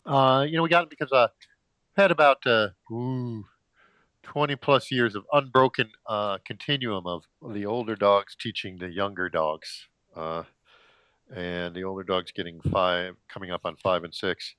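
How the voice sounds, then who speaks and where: A middle-aged man rambling casually on a cheap wireless gaming headset, halting with filler sounds, restarts and frequent throat clearing, slightly out of breath. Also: on the low side, fairly bright tone, no echo. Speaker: vlogger.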